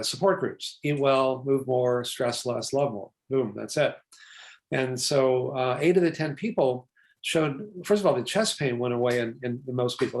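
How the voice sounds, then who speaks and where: An older man from Texas, a physician guest telling stories in an interview, talking quickly with asides and quoted dialogue. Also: medium pitch. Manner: fast, chatty, with asides and acted-out quotes. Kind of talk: animated storytelling interview.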